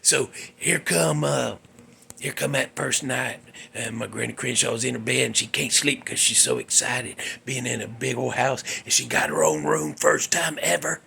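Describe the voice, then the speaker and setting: A man hosting his show, telling a ghost story in a drawling, folksy way that drops into hushed whispers. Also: medium pitch, moderate pace, slight background noise. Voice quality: gravelly, raspy. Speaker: show host.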